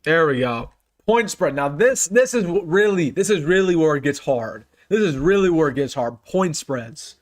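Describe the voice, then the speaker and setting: A young man hosts a casual live sports stream and runs through his picks. His voice sits a little high, and his delivery is excitable and emphatic. He often repeats a line to drive the point home. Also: normal speed. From United States. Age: young adult. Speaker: sports channel host.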